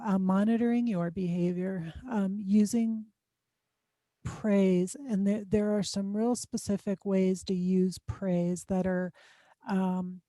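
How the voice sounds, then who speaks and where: A woman's voice: mid-range voice, warm tone, dry recording. A woman speaking as a guest expert in an interview, explaining advice conversationally with frequent "um" fillers. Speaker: guest expert on student success.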